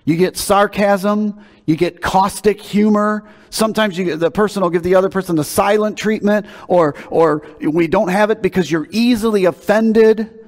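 A male pastor delivers a sermon in a conversational yet emphatic manner, doubling words as he builds to each point. His voice sits a little high for a man, and a long reverb trails after it in what sounds like a church sanctuary. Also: normal speed.

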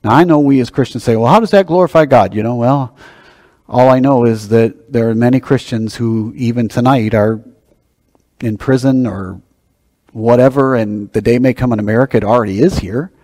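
A male pastor delivering an animated sermon, his voice jumping up and getting loud at the high points, then dropping low and soft when he turns reflective. He sits at an ordinary middle pitch. The sound is close and dry, yet a long hall reverb trails behind each phrase. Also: moderate pace. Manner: animated preaching, swinging from loud bursts to hushed asides.

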